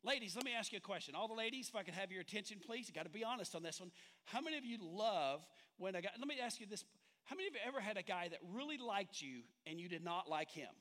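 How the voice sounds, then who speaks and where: A man's voice: high-pitched, expressive, fast talker, pushed and bright. A male pastor preaching a sermon in a church sanctuary, talking conversationally and drawing the congregation in with questions and jokes.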